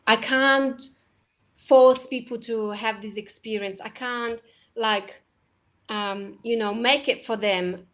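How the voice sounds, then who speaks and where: Woman, high and unhurried, soft halting conversational delivery. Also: fairly even intonation. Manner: soft, halting, many restarts and laughs. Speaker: co-host. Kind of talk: casual spiritual conversation.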